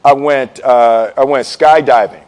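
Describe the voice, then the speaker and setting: A man's voice: medium pitch, unhurried, clean tone. A man telling a comic story to a live audience, acting out voices and laughing as he goes. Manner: animated, acts out voices, laughs while telling. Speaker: storyteller on stage.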